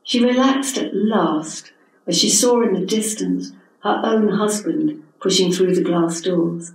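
A woman in her seventies reads her own prose, measured and expressive, at an even middle pitch. The sound is distant and heavily echoed, as from across a hall. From England. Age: 70s. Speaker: author reading her own story. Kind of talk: literary reading. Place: literary event hall.

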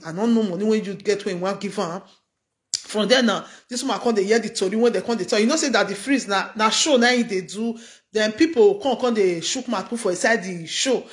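A middle-aged woman with a Nigerian accent, chatting through a gossip story in a casual commentary style and often asking "you understand?". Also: mid-range voice. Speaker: gossip vlogger.

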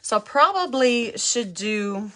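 This woman's voice is on the high side, slow, bright, and forceful, with lively intonation and a little hiss or hum. A Louisiana makeup vlogger with a thick Cajun accent, she chats with viewers in a live tutorial and reads their comments aloud.

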